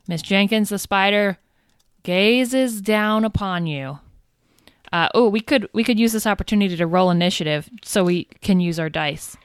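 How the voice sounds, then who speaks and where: A woman's voice: medium pitch, moderate pace, smooth, no echo, clean studio sound. A woman narrating a tabletop game as game master, playful and upbeat.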